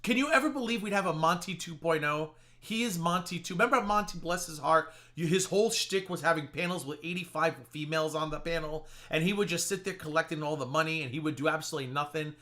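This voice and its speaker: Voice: mid-range voice, fast talker, hardly any pauses, pushed and bright. A reaction streamer mocking another streamer in casual live commentary, swearing freely and slipping into mock-weepy impressions.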